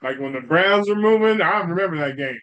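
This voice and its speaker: A man's voice: high voice, animated, fairly quick, fairly bright tone, dull audio. Profane, ranting sports podcast man. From Cleveland, Ohio. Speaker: podcast host. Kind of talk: casual sports talk.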